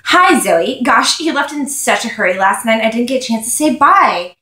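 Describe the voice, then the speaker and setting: A woman's voice: on the high side, animated, moderate pace, pushed and bright. A woman reading the lines of a snide teenage girl who leads a clique, in an echoey room.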